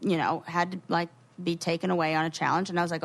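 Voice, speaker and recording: A young woman co-hosting a podcast, telling animated stories in casual chat with quoted asides. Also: lowish voice, fast, few pauses. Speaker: podcast co-host.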